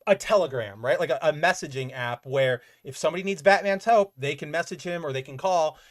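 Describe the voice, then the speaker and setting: A man hosting a comic book podcast, recapping an issue in casual, animated chat, filling his talk with "like" and swearing freely. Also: fairly high pitch, fairly quick.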